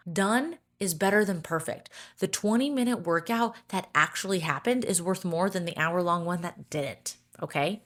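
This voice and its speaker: A woman hosting her own fitness podcast, talking in an encouraging, upbeat way and often checking in with "okay?". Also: lowish voice. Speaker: podcast host, fitness coach. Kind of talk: solo podcast talk.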